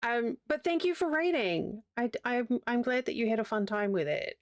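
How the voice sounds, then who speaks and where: A woman's voice: on the high side, big pitch swings, moderate pace, dry recording. Kiwi woman streaming, rambly chat w her viewers while crocheting, pretty dry close sound. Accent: New Zealand. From New Zealand. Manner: chatty, rambling, answers chat as she goes.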